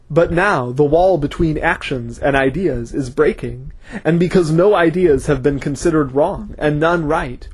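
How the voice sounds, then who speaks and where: A man voicing a grim, determined man who speaks intensely and forcefully. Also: fairly high pitch, breathy edge, full character voice.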